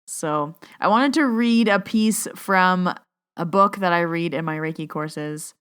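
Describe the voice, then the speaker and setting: A woman's voice: fairly low pitch, unhurried, fairly bright tone, smooth. A young adult woman hosting her own podcast, chatting openly and reading a guided meditation while fighting back tears. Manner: emotional, on the verge of tears. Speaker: podcast host and Reiki teacher. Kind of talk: casual chat and read guided meditation.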